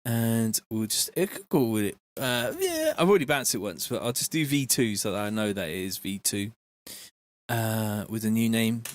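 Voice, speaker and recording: A man chatting casually on a live stream, reading out viewer messages in a relaxed, slangy way from his home studio. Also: lowish voice, moderate pace, no room sound. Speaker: music producer streaming live.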